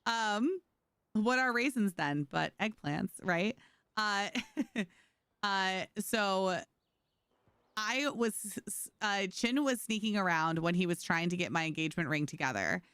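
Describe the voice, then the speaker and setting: A woman's voice: medium pitch, measured pace, fairly bright tone, clean tone, dry recording. A woman streamer chatting casually with her viewers while playing, telling stories and laughing often. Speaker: game streamer. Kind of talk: casual livestream chat.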